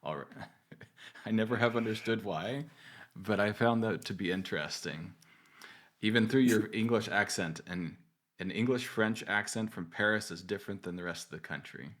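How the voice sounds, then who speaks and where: Man hosting a tech interview, lowish voice. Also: fairly bright tone. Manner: conversational, some stumbles. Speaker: podcast host. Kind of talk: casual interview.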